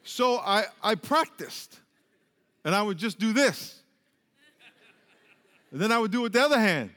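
High-voiced preacher man in a reverberant church. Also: measured pace. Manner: animated preaching with storytelling, restarts and acted-out quotes. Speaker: pastor. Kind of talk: sermon. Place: church sanctuary with a pulpit.

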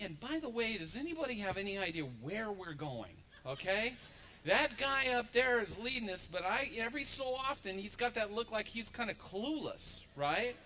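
A man, a pastor, preaching a lively sermon in a church and acting out the voices of people in the story. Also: high voice, moderate pace, slight background noise, low-quality recording. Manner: animated storytelling, acts out crowd voices. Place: church sanctuary.

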